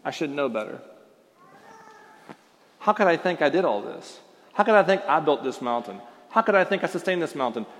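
A man's voice: on the high side, animated, fairly quick, long pauses, in a large hall, lightly acted. A man voicing a young shepherd king who reproaches himself for his pride, his voice climbing as he scolds. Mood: self-reproaching.

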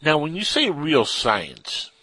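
A man's voice: on the high side, huge pitch swings, takes it slowly, bright, forceful tone, no room sound, poor audio. A man co-hosting a casual radio talk show, rambling and joking as he reads listener questions.

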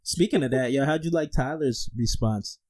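A man's voice: medium pitch, normal speed, crowd noise. A man co-hosting a podcast, chatting casually, teasing and laughing often. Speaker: podcast co-host. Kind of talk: casual chat.

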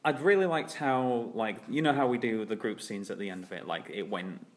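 A man's voice: fairly low pitch, fairly quick. A man hosting a casual comedy podcast, chatty and laughing often. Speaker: podcast host.

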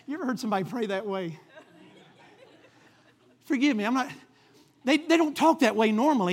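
High-voiced man preaching a lively sermon. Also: normal speed, pauses often. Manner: animated storytelling, acting out the characters; calls for amens from the congregation.

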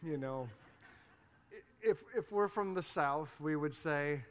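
Midwestern guy preaching, chatty and joking, voice a bit high. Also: takes it slowly, smooth. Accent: Midwestern American. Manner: conversational, playful asides. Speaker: pastor. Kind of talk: sermon.

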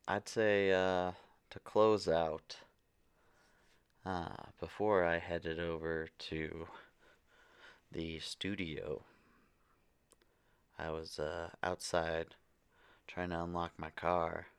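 A man's voice: deep voice, level tone, drawn-out words, pauses often, clear, resonant tone, no room sound. A young man co-hosting a podcast, telling a story in a laid-back, slangy way with plenty of swearing. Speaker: podcast co-host.

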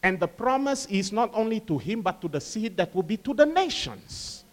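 A man preaching a lively sermon, acting out quoted voices and laughing along with his congregation. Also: sits high, normal speed. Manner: animated, acts out quoted voices, laughs with the crowd.

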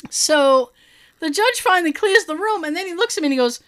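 A woman telling a long personal story in casual chat, animated, swearing and laughing often. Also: very high-pitched, moderate pace.

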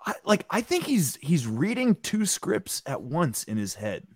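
A man's voice: a little high, huge pitch swings, a little slow, dry recording, studio quality. A man hosting a podcast and chatting casually about a clip, swearing freely and theorizing animatedly. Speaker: podcast host. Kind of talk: casual chat reacting to a clip.

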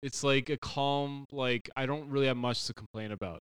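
A man's voice: medium pitch, steady tone, moderate pace, fairly bright tone, clean tone, no echo, clean studio sound. A man co-hosting a casual sports podcast, rambling in a laid-back way and swearing casually. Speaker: podcast co-host.

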